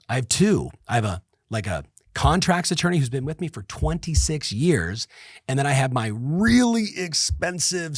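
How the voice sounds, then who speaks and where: A middle-aged man hosting a podcast, giving an energetic motivational business talk that repeats points and speaks straight to listeners. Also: mid-range voice, no echo, clean studio sound. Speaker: podcast host and business coach.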